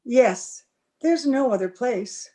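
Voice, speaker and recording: A woman's voice: fairly high pitch, animated, slow, mellow. A woman playing the fearful wife of the master, speaking timidly in an old-time radio drama. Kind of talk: 1930s-style radio drama acting.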